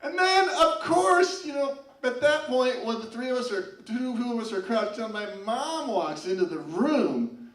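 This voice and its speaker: Young man, stand-up comic, rambling with fillers, fairly high voice, echoey lounge, distant mic. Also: animated, a little slow, fairly bright tone. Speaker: open-mic comedian. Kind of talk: stand-up comedy. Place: college lounge, live open mic.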